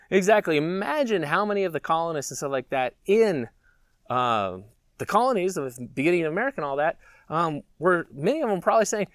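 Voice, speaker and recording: Animated, rambling male vlogger. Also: fairly high pitch, brisk, dry recording, studio quality. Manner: rambling, chuckling, musing aloud. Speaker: prepper channel host. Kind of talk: casual vlog monologue.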